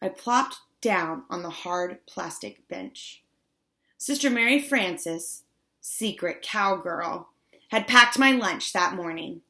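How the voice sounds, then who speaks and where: A woman reading first-person audiobook narration with wry, deadpan asides. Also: lowish voice, slow pace.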